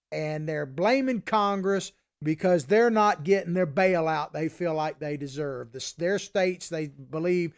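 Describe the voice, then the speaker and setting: A man's voice: high voice, clear, resonant tone. A man from Florida with an old Southern Florida cracker accent, hosting a live political talk show in a folksy, chatty way.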